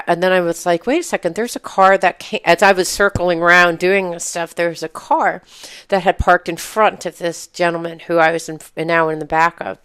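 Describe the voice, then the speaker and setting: A woman's voice: lowish voice, a bit bright, clean tone, no room sound, clean studio sound. A woman co-hosting a podcast, telling a story in casual chat and laughing as she acts out the quotes. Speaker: podcast co-host.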